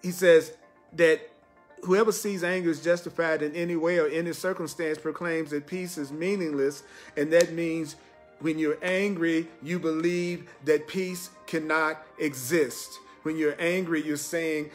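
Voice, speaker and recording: A man's voice: fairly high pitch, steady tone, slow. Emphatic man teaching with faint music. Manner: emphatic, repeats phrases, laughs often. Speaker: spiritual teacher. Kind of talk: livestreamed spiritual teaching.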